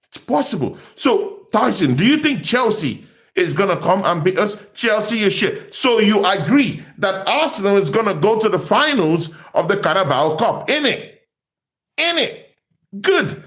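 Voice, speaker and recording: A man giving an animated football fan rant, excitable and taunting, often repeating his words. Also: high voice, unhurried. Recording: echoey room.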